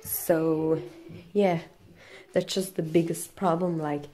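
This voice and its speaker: Low-voiced woman, breathless and coughing. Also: fairly even intonation, mellow. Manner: halting, non-native English full of fillers. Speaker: vlogger. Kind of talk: casual vlog.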